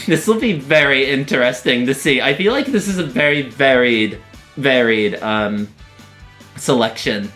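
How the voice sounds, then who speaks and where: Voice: medium pitch, lively intonation, unhurried, fairly bright tone. Live streamer; giggly, chatty commentary, faint music bed. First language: not American.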